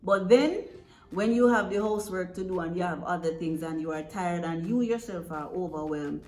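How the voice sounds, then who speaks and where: A woman's voice: on the low side, normal speed, darkish tone. Woman, direct advice-giver talking to parents; roomy echo. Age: adult parent. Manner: earnest and direct, checks in with "right?". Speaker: parent coach giving advice. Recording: echoey room with faint music.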